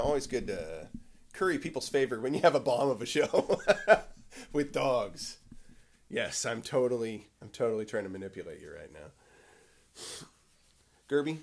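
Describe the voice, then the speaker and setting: A man hosting a casual morning livestream from home, rambling with fillers and cooing at his dogs. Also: mid-range voice. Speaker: livestream host.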